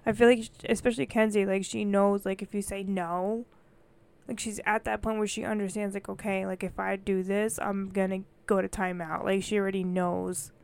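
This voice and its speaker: A woman's voice: medium pitch, normal speed, gravelly, smooth. A young woman co-hosting a casual chat, animatedly retelling funny stories with lots of "like". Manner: lively, animated retelling of kid stories, many fillers. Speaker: podcast co-host.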